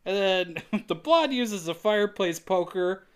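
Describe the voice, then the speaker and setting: A man's voice: high-pitched, expressive, measured pace, smooth. A man co-hosting a casual comedy podcast, narrating a film's plot with jokey asides. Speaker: podcast co-host recapping a film.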